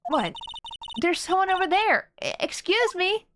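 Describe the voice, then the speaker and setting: Young female sidekick from a game, excitable and bossy, as a woman reads her, high and bright. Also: unhurried, heavily acted. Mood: perky. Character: cheerful energetic young female spirit medium. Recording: game music behind.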